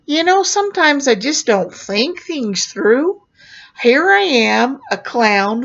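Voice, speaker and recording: Woman, middle-aged, storyteller; slow unhurried telling, muffled lo-fi sound. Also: fairly high pitch. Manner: animated, voices others in the tale. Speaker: clown storyteller. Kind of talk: personal storytelling. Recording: dull lo-fi recording.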